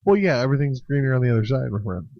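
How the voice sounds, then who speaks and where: A man's voice: medium pitch, sing-song, rapid-fire, no echo. A man co-hosting a podcast in casual chat, laid-back, swearing and asking "you know what I'm saying". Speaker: podcast co-host. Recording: dull lo-fi podcast audio.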